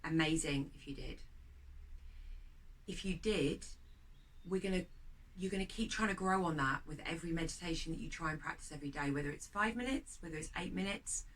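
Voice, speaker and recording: Low-voiced woman guiding a meditation. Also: slightly rough, poor audio. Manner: slow, soft, gentle guiding; encouraging. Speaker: meditation teacher. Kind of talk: guided meditation.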